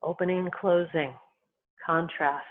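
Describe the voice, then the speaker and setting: Qigong instructor, calm short cues, tinny phone-like sound. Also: mid-range voice. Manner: calm, unhurried cueing in short phrases. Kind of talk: guided movement and breathing instruction.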